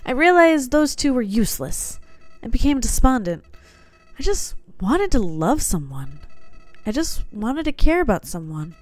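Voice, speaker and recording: A woman's voice: a little high, sing-song, unhurried, darkish tone, dry recording, soft background music, pitched above the performer's own voice. Flowey, a woman voicing a sinister soulless flower. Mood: coldly confiding. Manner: reads game dialogue aloud in a put-on voice, slightly theatrical. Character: sinister soulless talking flower, cold and manipulative. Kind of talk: reading game dialogue aloud.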